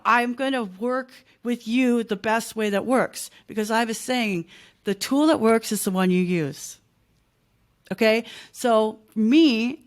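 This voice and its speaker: A middle-aged woman, a podcast guest, telling stories in casual chat and acting out phone calls in voices. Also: mid-range voice.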